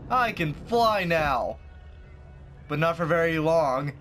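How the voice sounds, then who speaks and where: A man's voice: on the high side, lively intonation, takes it slowly, long pauses, a bit bright, soft background music. A young man giving playful, joking commentary while playing a video game, talking trash at the enemies. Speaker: gaming youtuber.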